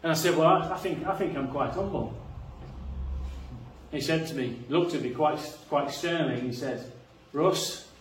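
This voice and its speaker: A man preaching a sermon, earnest, moving between quiet reflective passages and rising emphasis. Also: a little high, normal speed, slight background noise. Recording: echoey room, voice a bit far from the mic.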